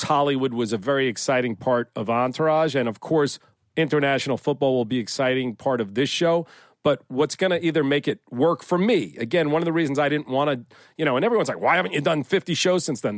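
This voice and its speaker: A man's voice: mid-range voice, dry recording. Middle-aged guy cohosting a podcast, earnest and rambly, dry close mic. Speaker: podcast co-host, series creator. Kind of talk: casual podcast chat.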